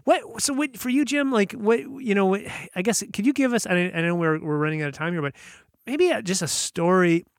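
A man with a fairly high voice co-hosts a casual podcast. He rambles and restarts his sentences, and the recording is dry and close. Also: no echo. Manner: rambling, halting storyteller. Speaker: podcast co-host.

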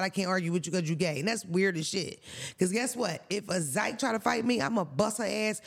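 Sitting high in pitch, his voice carries a gravelly edge that keeps slipping into fry. He co-hosts a casual podcast chat, telling stories bluntly and profanely with animated emphasis.

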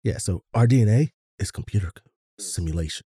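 Casual male podcast co-host, deep dark timbre, laid-back delivery with loose swearing. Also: lively intonation, a little fast, husky.

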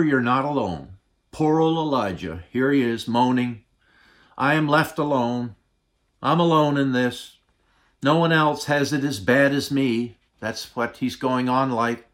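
A pastor with a medium-pitched voice preaches a sermon deliberately, using dramatic pauses. For tender points he often drops into a soft, hushed voice.

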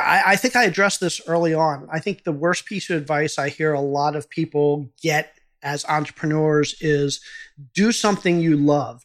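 His voice runs on the high side and sounds a bit bright. This man, who hosts a podcast and works as an entrepreneur, responds to interview questions in an earnest, advice-giving manner, occasionally restarting a phrase.

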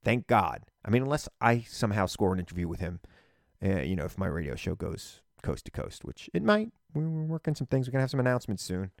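Emphatic low-voiced political host. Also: male voice, fast talker, vocal fry, no echo, studio quality. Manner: animated, emphatic, repeats phrases for punch. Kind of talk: solo political monologue.

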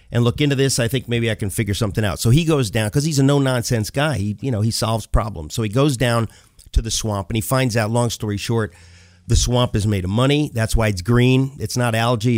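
A middle-aged man, a guest author, telling a funny story in a casual chat, jokey and energetic, acting out the characters as he goes. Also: mid-range voice, no echo, studio quality.

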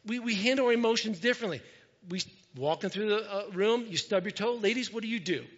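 High-voiced guy preaching, jokey and animated, dull sound with long hall reverb. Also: quick pace. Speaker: pastor. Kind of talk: sermon.

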